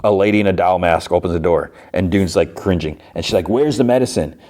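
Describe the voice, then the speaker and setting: A man's voice: deep voice, steady tone, fast talker, a little mellow. A man hosting a podcast, casually retelling a TV episode in a rambling way, full of fillers like "like" and "you know.". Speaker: podcast host. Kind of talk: casual show recap.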